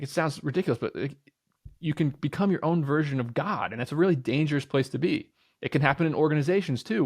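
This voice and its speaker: A man's voice: mid-range voice, dry recording, clean studio sound. A man in his thirties, an entrepreneur guest on a podcast, talking with energy and certainty and swearing casually. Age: 30s. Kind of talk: podcast interview.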